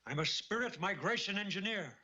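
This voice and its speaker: An actor playing an eccentric, mischievous self-styled mystic in a sitcom who chants theatrical incantations. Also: male voice, sits high, expressive, a little fast, sharp tone, heavily acted. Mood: deadpan. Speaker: sitcom character. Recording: lo-fi old TV audio with hiss.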